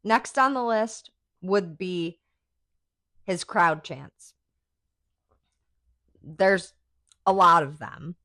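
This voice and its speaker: Host: woman, low voice, dry close sound, swears freely, gushing fan chatter. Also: animated, drawn-out words, pauses often, bright, forceful tone, dry recording. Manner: chatty, profane, enthusiastic fan talk with many "like"s. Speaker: podcast host. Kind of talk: casual chat.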